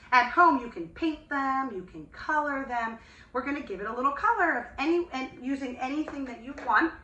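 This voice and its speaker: High sing-song teacher woman, echoey room. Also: distant mic. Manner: sing-song, slow and gently enthusiastic, with gasps of delight. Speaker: preschool teacher. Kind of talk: online class for young children. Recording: echoey room, voice a bit off-mic, faint hiss.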